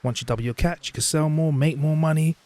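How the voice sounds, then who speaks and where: A man's voice: fairly high pitch, fast, warm tone, dry recording, voice pushed up, lightly acted. Brief: man voicing a salesy businessman, keen and persuasive, dry close sound. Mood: persuading. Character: pushy successful businessman, adult man.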